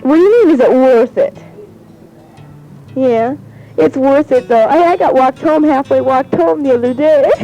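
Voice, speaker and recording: A rambling teenage girl talks into a home tape recorder, laughing often between her thoughts. Her voice sits a little high with a soft, warm tone. The sound is muffled and lo-fi like an old cassette, with faint guitar music behind her. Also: very animated, slow pace, pauses often. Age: teens. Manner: chatty, giggly, rambling. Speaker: high school student. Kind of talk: casual spoken letter on cassette tape. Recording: dull lo-fi 1970s home cassette.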